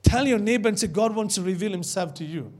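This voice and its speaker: A man with a notably high voice preaches to his church. He tells a personal story with emphasis, repeating words and calling out to the congregation. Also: lively intonation, fast, darkish tone. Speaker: pastor. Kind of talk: sermon with storytelling.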